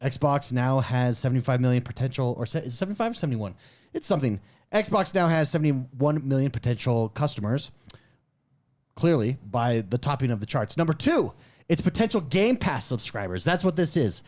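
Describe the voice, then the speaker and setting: A man co-hosting a casual gaming podcast, opinionated and animated, laughing often. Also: mid-range voice, fairly quick. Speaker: podcast co-host.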